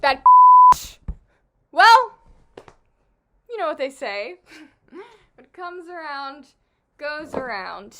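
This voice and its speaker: A woman's voice: high-pitched, big pitch swings, drawn-out words, pauses often, very noisy. A woman in a comedy sketch, talking in a giggly way.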